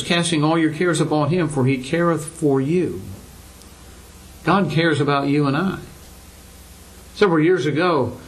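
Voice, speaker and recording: An older male preacher delivering a sermon in a fairly high voice. He speaks earnestly and keeps asking his listeners rhetorical questions, often lifting his voice to press a point home. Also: rough recording.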